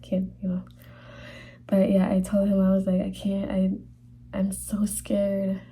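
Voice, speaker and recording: A young woman telling a personal faith testimony in a halting, casual way, full of fillers, sometimes dropping to a whisper. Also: mid-range voice, monotone, dark tone, slightly rough. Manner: halting, many fillers, drops to whispers when emotional. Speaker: vlogger sharing a faith testimony.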